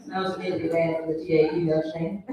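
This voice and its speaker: A man performing a stand-up set, breaking into shrill high mock voices when he quotes people. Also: level tone, very fast, warm tone. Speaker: stand-up comedian. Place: comedy venue stage. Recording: very echoey hall from a distance.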